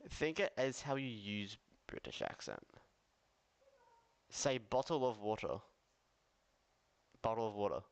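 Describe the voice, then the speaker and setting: Australian male streamer, lowish smooth voice, chatty reaction commentary. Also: sing-song, a little slow, pauses often. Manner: chatty, laughs easily, puzzled asides.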